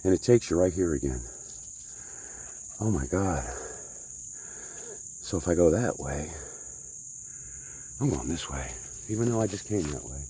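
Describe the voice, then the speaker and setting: A deep-voiced man talks into his phone on an outdoor trail, short of breath from the climb. He chats loosely and teases himself, turning to the viewers as folks. Faint insects chirp behind him. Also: animated, a little slow, pauses often, dark tone, slight background noise. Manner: chatty, self-mocking, talks to viewers as folks. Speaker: vlogger. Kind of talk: rambling hiking vlog.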